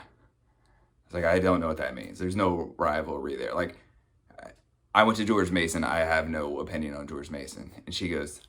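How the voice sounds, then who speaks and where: A man's voice: a bass voice, normal speed, fairly bright tone. A man in his thirties from the United States doing a stand-up comedy set, telling conversational stories and acting out the people in them. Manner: conversational storytelling, acts out quoted people. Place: home, recorded for a virtual show.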